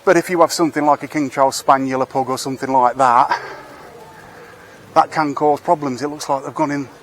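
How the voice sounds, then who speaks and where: A man's voice: medium pitch, steady tone, brisk, slight background noise. A man giving casual, rambling commentary while walking outdoors through town streets, wry and swearing now and then, recorded on a camera he carries. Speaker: street vlogger.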